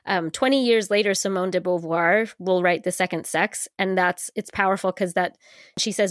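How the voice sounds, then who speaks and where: A woman's voice: on the low side, normal speed, dry recording, studio quality. A woman co-hosting a podcast, talking earnestly about a book in a casual conversational way, with fillers and restarts.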